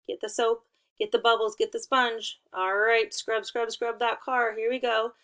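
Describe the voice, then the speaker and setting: A woman's voice: fairly high pitch, level tone, moderate pace, fairly bright tone. A woman teaching young children a remote lesson, giving playful and encouraging instructions.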